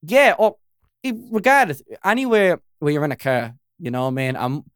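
A man's voice: on the high side, big pitch swings, moderate pace, smooth, no echo, clean studio sound. A man co-hosting a podcast in a casual, rambling chat, forever checking in with "you know what I mean". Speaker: podcast co-host.

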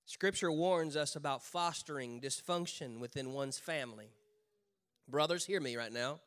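A male pastor preaching a sermon, swinging from loud calls to the congregation to low, slow emphasis, with humorous conversational asides. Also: clear, resonant tone.

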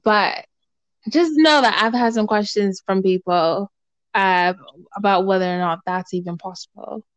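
Brief: young woman, animated casual storyteller, mid pitch, dry and slightly dull recording. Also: a little slow, no room sound. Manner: animated, acts out quoted voices, lots of fillers.

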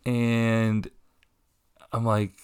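A man's voice: medium pitch, completely flat delivery, very slow, darkish tone, clean tone. A man co-hosting a casual podcast, telling a rambling story and laughing often as he talks. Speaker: podcast co-host. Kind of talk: casual chat.

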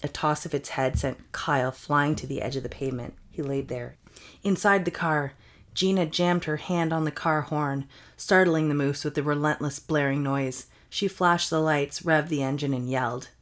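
A woman's voice: sits low, normal speed. A woman co-hosting a comedy podcast, reading a story aloud with playful banter and frequent laughter. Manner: playful, laughs often, breaks into silly voices.

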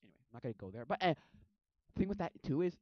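A man rambling through a casual movie recap at his computer, full of fillers and animated asides. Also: a little high, quick pace, no echo. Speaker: movie vlogger. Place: home desk at a computer. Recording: dull lo-fi audio, dry.

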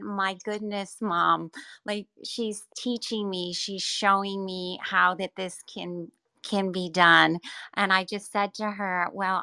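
A woman's voice: on the low side, gravelly, bright, forceful tone, clear, resonant tone, no echo. A woman co-host telling a personal story, earnest and emotional.

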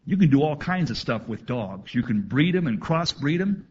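A man preaching a sermon to his congregation, reading scripture aloud and adding animated asides. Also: medium pitch, normal speed, husky, lo-fi sound. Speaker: pastor.

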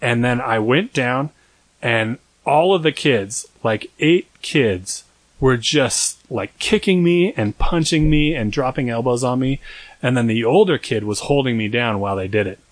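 A man's voice: mid-range voice, unhurried, no room sound. A young man co-hosting a podcast, telling a long story in a rambling, self-deprecating way. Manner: rambling, self-deprecating, acts out quoted voices. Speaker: podcast co-host. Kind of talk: casual storytelling chat.

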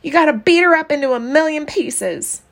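A piercing, whiny little country girl who shrieks and sobs her demands, pitched high above an ordinary speaking voice, as a woman reading the story puts her on. She is a small first grader who is loud, stubborn and quick to tears. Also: lively intonation, gravelly. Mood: wailing. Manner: shrill, sobbing country-kid talk.

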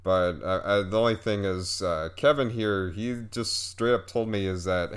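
Halting male gaming podcast host. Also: clean tone. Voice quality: says his voice gets squeaky. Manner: halting, many fillers and restarts. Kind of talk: casual gaming podcast chat.

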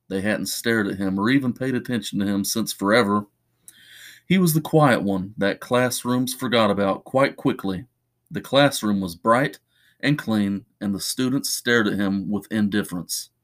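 Guy reading a creepy story for a podcast, steady pace, lowish voice. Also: moderate pace. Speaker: podcast narrator. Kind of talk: scripted horror narration.

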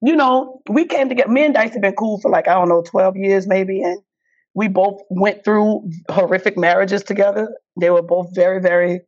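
A woman's voice: medium pitch, normal speed. A woman comedian, chatting in a casual interview, laughing and acting out what people said. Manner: animated, laughing, acts out quotes. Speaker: comedian guest. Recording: dull lo-fi audio.

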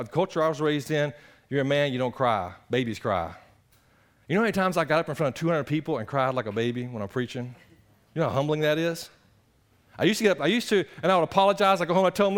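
A man preaching a sermon, animated and conversational, swinging between loud exclamations and hushed earnest passages. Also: fairly high pitch. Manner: conversational, addresses the congregation directly. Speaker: pastor.

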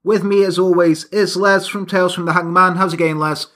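A man's voice: sits high, fairly even intonation, a little fast, a bit bright. Joking male podcast host. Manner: jokey, teasing, playful banter. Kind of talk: casual comedic chat and storytelling.

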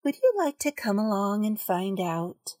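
A woman reading a story aloud, voicing a kind, gentle mother of a little girl in a soft coaxing way. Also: medium pitch, animated, a little slow, no room sound, clean studio sound.

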